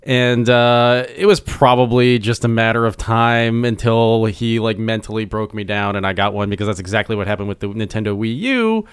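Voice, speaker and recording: A young man on a podcast, rambling enthusiastically and leaning heavily on fillers. His voice is lowish and smooth, and the sound is close and dry. It has an easygoing, conversational feel. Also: normal speed, hardly any pauses, no room sound. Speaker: podcast host. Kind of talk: casual chat.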